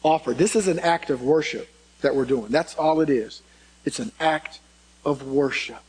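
A man's voice: fairly high pitch, moderate pace, husky, rough recording. A man pastor preaching a sermon, stressing and repeating key words and calling out "come on" to the congregation.

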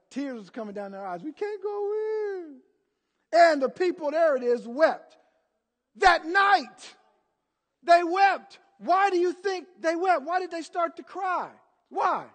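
A man's voice: very high voice, in a large hall. A man preaching a sermon as pastor, emphatic and calling out to the congregation for answers. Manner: emphatic, call-and-response preaching.

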